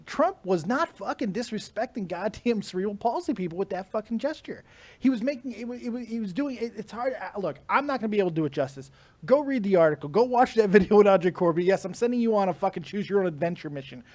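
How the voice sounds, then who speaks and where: A man's voice: high-pitched, lively intonation, fast talker, a little mellow. A man co-hosting a podcast, ranting in casual chat, swearing hard and laughing often. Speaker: podcast co-host.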